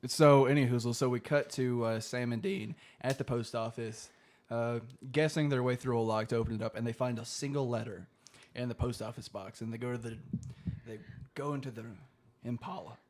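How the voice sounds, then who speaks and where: A young man co-hosting a casual podcast, retelling a show's plot in loose, rambling fashion. He laughs often and swears freely. His voice sits at an ordinary middle pitch. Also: fairly even intonation, brisk, darkish tone. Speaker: podcast co-host. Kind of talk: casual chat, recapping an episode.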